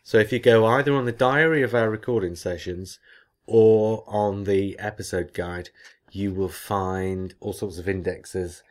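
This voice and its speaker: Chatty podcast host, low voice. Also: male voice, fairly even intonation, measured pace. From England. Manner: chatty, explains at length with many restarts. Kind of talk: casual chat, reading listener mail.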